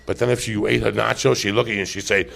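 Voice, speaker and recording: A man hosting a live podcast, telling rowdy, profane stories in a loud, animated way. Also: lowish voice, fast, vocal fry, heavy background noise. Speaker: podcast host.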